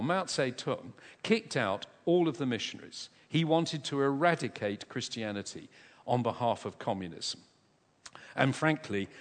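A man preaching a sermon in a church, an animated and humorous storyteller who pokes fun at himself. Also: medium pitch. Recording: long reverb of a large church.

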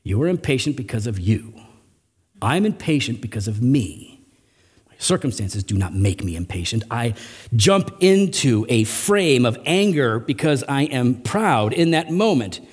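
A middle-aged man preaching a sermon as pastor, with animated, emphatic rising runs. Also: mid-range voice, slightly rough. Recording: long hall reverb.

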